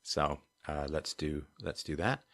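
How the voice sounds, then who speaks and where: A man's voice: very deep voice, unhurried, vocal fry, fairly bright tone, no echo, clean studio sound. A man hosting a livestream, answering chat questions in a digressive, wry way with frequent laughs. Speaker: livestream host. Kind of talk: livestream chat and donation appeal.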